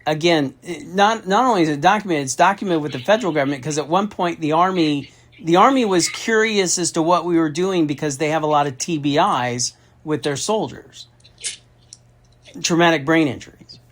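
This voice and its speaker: A man's voice: on the high side, moderate pace. Profane, emphatic middle-aged man telling a story. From Austin, Texas. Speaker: federal contracting consultant. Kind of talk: storytelling in a phone conversation.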